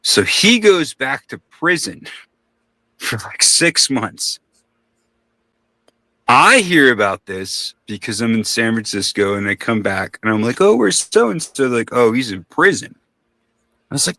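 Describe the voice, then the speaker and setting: A man tells a story in loose, rambling podcast talk, swearing freely and bouncing into other people's voices when he quotes them. His voice sounds bright, and the close mic makes it dry, with no room sound. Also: medium pitch, sing-song, unhurried, no room sound.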